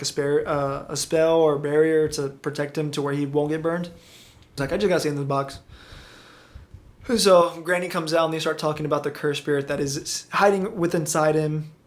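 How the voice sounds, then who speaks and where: Man, casual recap, rambling, swears a lot, slightly high voice, flat delivery. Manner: rambling, profane, lots of fillers and self-corrections. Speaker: anime recap vlogger.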